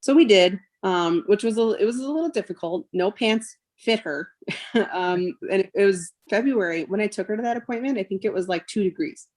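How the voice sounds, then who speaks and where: A woman's voice: medium pitch, lively intonation, brisk, darkish tone. A woman in her thirties, a mother and podcast guest, retelling a painful personal story with lots of "like" and "um" and quoted dialogue. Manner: emotional retelling, quotes others, frequent fillers like "like" and "um".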